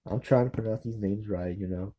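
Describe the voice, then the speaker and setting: A man giving casual, unscripted commentary, halting and apologetic, with many restarts and fillers. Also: fairly low pitch, lo-fi sound. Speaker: political vlogger.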